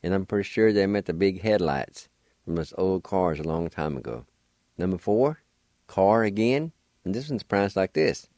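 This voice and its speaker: A man's voice: low-pitched, animated, darkish tone, dry recording, clean studio sound. A middle-aged man, teaching vocabulary on the radio and spelling each word out letter by letter. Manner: spells out words letter by letter, unhurried. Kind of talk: slow, deliberate language lesson.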